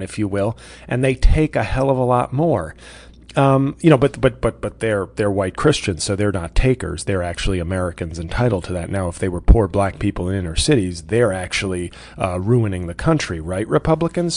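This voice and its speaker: A male comedian hosting his podcast, ranting with heavy sarcasm and profanity, often stopping to restart his sentences. His voice is gravelly and sits at a medium pitch. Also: darkish tone.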